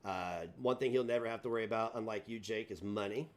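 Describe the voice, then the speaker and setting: A man's voice: lowish voice, fast. A man hosting a live stream, taunting and mocking a caller in a sarcastic rant.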